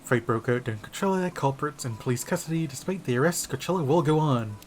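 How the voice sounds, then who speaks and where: A man streaming a story game live, chatting and reacting out loud as he reads. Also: mid-range voice, expressive, fast, faint music behind.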